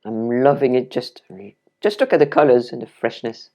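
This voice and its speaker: Low-voiced French woman chatting while cooking. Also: expressive, normal speed, dark tone. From France. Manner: chatty and enthusiastic, talks to the viewer while chopping. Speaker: cooking video host. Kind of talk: casual cooking demonstration. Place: home kitchen.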